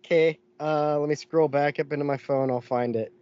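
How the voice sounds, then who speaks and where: A man telling a story in casual podcast chat, animated and full of swearing and laughs. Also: a little high, normal speed, smooth, no room sound, muffled recording. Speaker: podcast co-host.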